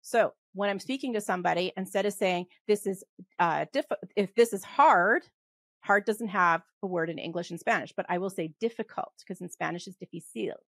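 A middle-aged woman with a Western Canadian accent, a podcast guest talking fast and animatedly in casual conversation, often laughing and restarting her sentences. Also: mid-range voice, a bit bright, dry recording. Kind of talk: casual interview talk.

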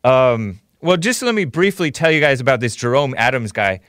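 A sarcastic man hosts a live call-in commentary stream, his mid-range, slightly bright voice animated at a moderate pace, with a dry sound and no echo. He's casual and scoffing, thanking viewers and reading donations aloud.

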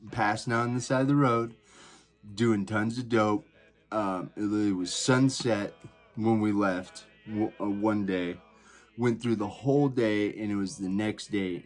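A man hosting a podcast, telling a personal story in a rambling, profane way full of fillers and restarts. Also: fairly low pitch. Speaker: podcast host. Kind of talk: casual storytelling.

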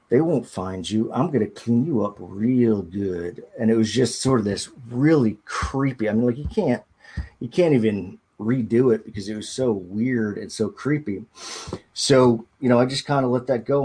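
A man, a podcast guest, recounting a personal ordeal in a halting, hesitant way, often restarting his sentences. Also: fairly low pitch, darkish tone, slightly rough. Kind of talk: personal storytelling in an interview.

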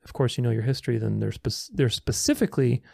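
A religious commentator reads viewer comments aloud in a casual video and rebuts them in a sarcastic, argumentative way. His mid-range, gravelly voice is animated, fast and darkish in tone, captured in a dry recording with clean studio sound.

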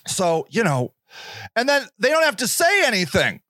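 A passionate man rants through a sarcastic podcast monologue, his voice running high and swinging widely with indignation. The sound is dry and close to the mic. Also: wildly swooping pitch, normal speed, sharp tone, no echo. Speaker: podcast host. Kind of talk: ranting monologue.

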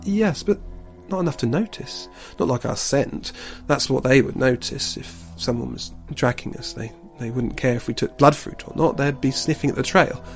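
A man's voice: mid-range voice, moderate pace, hardly any pauses, faint music behind, voice pushed up, lightly acted. A man voicing a young male bear, earnest and a little defensive, in a storybook reading.

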